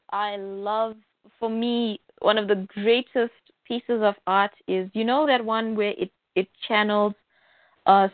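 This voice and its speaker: A woman's voice: medium pitch, no room sound. A woman with a mid-range voice chats casually as a podcast co-host, mostly chiming in with short agreements and enthusiastic fan remarks. Her voice comes through dry and narrow, like a phone call. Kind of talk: casual chat.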